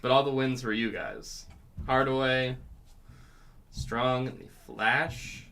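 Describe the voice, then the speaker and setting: Bright-voiced man calling a card break. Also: mid-range voice, steady tone, slow. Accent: North Carolina. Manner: rattles off player names, chats with viewers. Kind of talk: live card break commentary.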